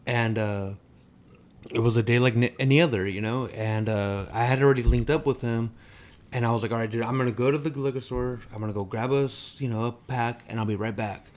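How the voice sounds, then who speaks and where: A young man co-hosting a podcast, telling a story in a loose, animated, profanity-laced way with lots of fillers. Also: mid-range voice, a little fast. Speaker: podcast co-host. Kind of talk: casual storytelling chat.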